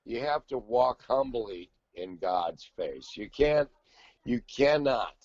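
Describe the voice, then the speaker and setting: An older man, a guest singer, telling stories in a brash, profane, animated way in casual chat. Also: on the low side, no room sound, lo-fi sound.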